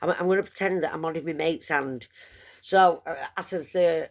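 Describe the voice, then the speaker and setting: Speaking to camera in a low voice at a moderate pace, a woman vlogger tells a long, casual story. Her rambling delivery is full of self-mockery.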